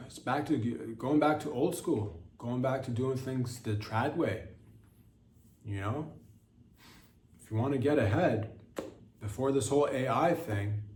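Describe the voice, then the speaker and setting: A man's voice: mid-range voice, a little mellow, recorded from a distance. A man hosting a comedy podcast, delivering a crude, sarcastic, mock-indignant monologue full of profanity. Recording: echoey room with faint noise.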